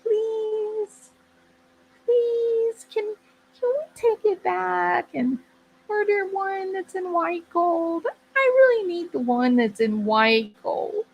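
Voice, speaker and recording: A woman's voice: extremely high pitch, slow, creaky, dull audio, slight background noise, voice pushed up, exaggerated voice. A woman voicing a demanding adult wife who whines and pleads like a small child. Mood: whiny pleading. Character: whiny, demanding adult wife throwing a tantrum.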